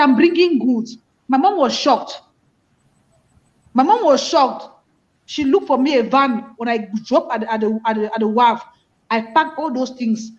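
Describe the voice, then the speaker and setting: A woman's voice: high voice, highs cut off. A woman hosting a casual talk show who speaks emphatically and repeats phrases for stress. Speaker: host. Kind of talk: casual chat.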